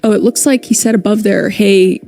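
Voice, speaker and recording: A woman's voice: mid-range voice, fast talker, creaky, warm tone, faint music behind. A young woman streamer, unwell with a headache, reading Reddit posts in a rambling, casual, self-deprecating way while she plays a game.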